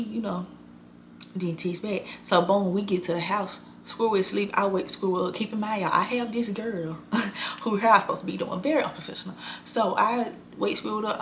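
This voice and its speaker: Young woman in a blunt, animated storytime vlog. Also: on the low side, a little hiss or hum. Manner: animated, blunt, swears freely, slangy. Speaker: hairstylist telling a story.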